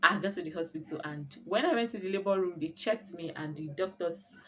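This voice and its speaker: A young woman telling her birth story in a casual vlog, expressive and often laughing as she talks. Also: on the low side, fairly quick, a little hiss or hum.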